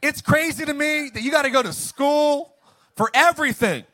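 A man preaching a sermon, animated, swinging from loud bursts to hushed lines and asking the congregation to answer back. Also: very high-pitched, moderate pace. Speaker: pastor.

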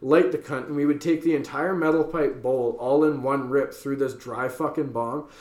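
A man's voice: medium pitch, steady tone, normal speed, darkish tone. A young man from western Canada, casually telling a rowdy story on a podcast, swearing freely and laughing as he goes. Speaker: podcast co-host. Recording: echoey room.

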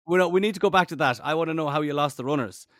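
A man chatting casually on a podcast as a guest, a lively, jokey storyteller. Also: fairly high pitch, rapid-fire, no room sound, clean studio sound. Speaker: radio presenter guest.

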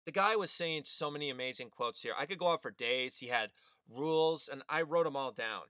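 A young man hosting a sports radio show, telling a story in an animated, earnest way. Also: a little high, brisk, no room sound, clean studio sound. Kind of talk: sports opinion monologue.

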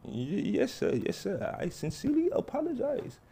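A man's voice: very high-pitched, huge pitch swings, moderate pace, creaky, dark tone, slight background noise, exaggerated voice. A man voicing an overly polite, stiffly formal man who keeps apologizing. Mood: prim politeness. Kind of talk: comedy skit voices.

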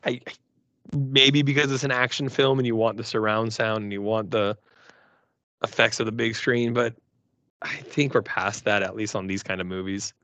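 A man's voice: lowish voice, steady tone, moderate pace, pushed and bright, dry recording. A man co-hosting a podcast, chatting casually and bluntly about movies. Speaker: podcast co-host. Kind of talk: casual movie review chat. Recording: dry, dull lo-fi podcast audio.

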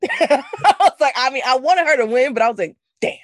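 Woman co-host riffing on a movie, laughs a lot, pitch all over the place, dry close sound. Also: fairly quick, no room sound. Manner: animated, laughs often, slangy. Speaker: podcast co-host. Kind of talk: casual movie review chat.

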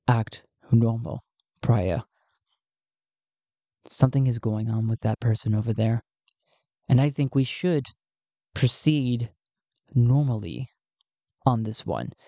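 A woman voicing a calm, watchful man who speaks low, steady and reassuring in a solo tabletop game. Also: no echo, exaggerated voice. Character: calm watchful man with a new cyber eye.

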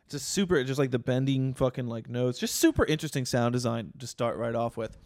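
A man co-hosting a podcast, telling stories in casual chat, swearing often and getting animated. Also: mid-range voice, a little fast, dry recording, studio quality. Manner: profane, animated storytelling. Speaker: podcast co-host.

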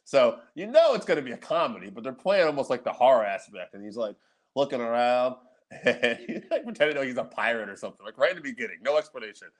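A man's voice: mid-range voice, big pitch swings, quick pace. Laughing, rambling male podcast co-host. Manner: loose, rambling, laughs a lot, swears casually. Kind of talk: casual chat.

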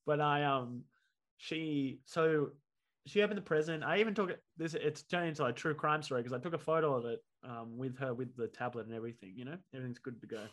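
A man, a comedian guest on a podcast, telling an animated story and acting out the voices of the people in it. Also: mid-range voice, a little fast. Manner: animated, acts out quoted voices.

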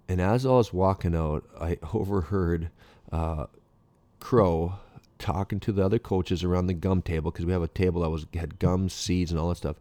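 Deep-voiced man telling a rambling story. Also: steady tone, normal speed, dark tone, no room sound. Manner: rambling, acts out dialogue, self-interrupting. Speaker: former pro baseball player. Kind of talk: anecdotal storytelling.

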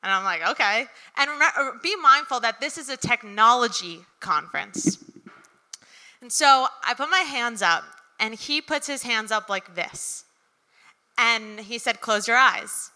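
A young woman tells a story to a live crowd in a loose, chatty way, scattering ums and likes. Her voice is strikingly bright and a bit high. The sound carries a long hall reverb. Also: expressive, unhurried. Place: event venue with audience.

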